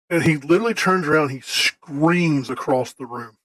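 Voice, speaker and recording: A man's voice: on the high side, moderate pace, hardly any pauses, fairly bright tone, no room sound, low-quality recording. A man casually narrating a scene in a tabletop game. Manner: casual storytelling.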